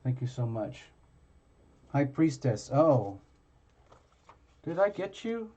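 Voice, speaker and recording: A man hosting a live tarot reading stream, chatting casually with viewers in a halting way, full of fillers and restarts. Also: medium pitch, very animated, warm tone.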